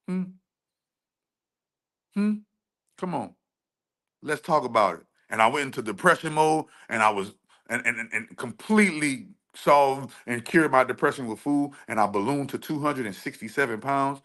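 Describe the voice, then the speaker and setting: A man with a sharp, mid-range voice rants on his livestream with emphatic intensity, frequently circling back to repeat or restart what he's saying.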